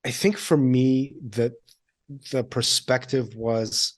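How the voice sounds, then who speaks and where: A man's voice: medium pitch, fairly even intonation, slow pace. A man in his thirties, a podcast guest, talking candidly, laughing often and acting out quoted lines in a raised voice. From Iranian heritage. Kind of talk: conversational interview.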